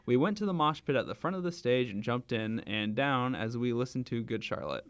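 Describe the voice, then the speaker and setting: A man's voice: mid-range voice, animated, fairly quick, clear, resonant tone. A young man hosting a comedy read-through of fan fiction, giggling and stumbling over names with chatty asides. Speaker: host reading fan fiction aloud.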